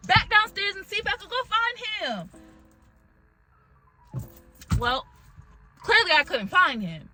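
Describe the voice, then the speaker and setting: A young adult woman vlogger excitedly telling a personal story in casual chat, swearing now and then. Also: extremely high pitch, slow, pauses often, faint music behind, poor audio. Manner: animated, emotional retelling with swearing.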